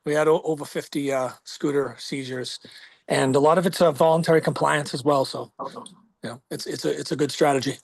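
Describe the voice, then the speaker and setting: Gravelly-voiced police captain. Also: male voice, on the high side, steady tone, no echo. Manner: casual and halting, many fillers. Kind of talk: report at a community meeting.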